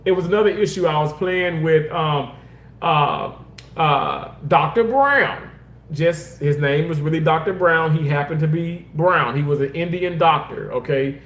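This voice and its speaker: A man casually telling personal stories in an animated, rambling way, repeating himself for emphasis. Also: on the high side, unhurried, echoey room. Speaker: former hospital surgical worker.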